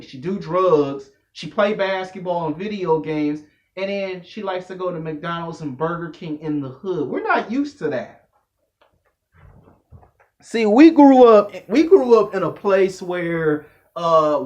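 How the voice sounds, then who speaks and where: A man delivering a loud, profane comedic rant to camera, telling slangy stories as a vlogger. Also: fairly high pitch. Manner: loud, animated, slangy storytelling. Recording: echoey room, dull lo-fi audio.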